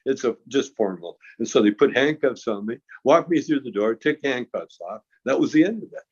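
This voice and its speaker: A man's voice: mid-range voice, animated, fairly quick, slightly rough. A male guest casually telling a long anecdote, often chuckling and restarting his sentences. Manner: chuckling storyteller who stammers and restarts. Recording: dull lo-fi sound.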